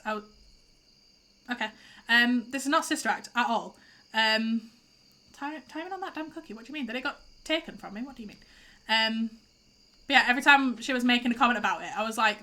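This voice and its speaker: A young woman chats her way through a farming game on a live stream, her higher voice bright and ringing. She has been crying, so she sounds stuffy and teary, and she rambles and reacts aloud to each surprise. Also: fast. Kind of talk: casual live-stream chat.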